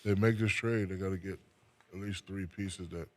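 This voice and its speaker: A retired basketball player from New Jersey, a man who speaks casually as an interview guest, laid-back and soft-spoken, often trailing off with fillers. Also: sits low, steady tone, normal speed.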